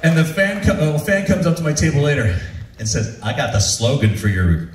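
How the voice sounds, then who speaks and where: Animated man telling a stage story. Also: brisk. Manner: animated, acts out quoted voices with big pitch jumps. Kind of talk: live comedic storytelling. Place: large room with a live audience, from far off. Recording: echoey room, distant mic, faint ambience.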